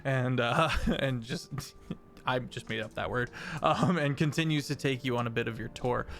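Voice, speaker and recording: A man's voice: medium pitch, moderate pace, creaky, a bit bright. A man running a tabletop game as game master. He talks to players and chat in a loose, chatty way with a mid-range voice.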